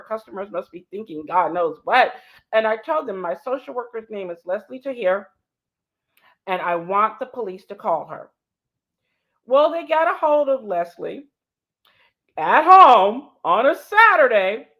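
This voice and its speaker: A woman in her fifties, co-hosting a show, tells a personal story with emphasis, repeating key points and acting out the dialogue. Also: on the high side. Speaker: co-host sharing a personal story. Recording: dull lo-fi sound.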